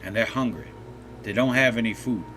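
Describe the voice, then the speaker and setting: A man hosting a gaming channel, telling a joke in a relaxed, folksy way over gameplay. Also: on the low side, a little fast, a little hiss or hum. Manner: folksy, relaxed storytelling with restarts.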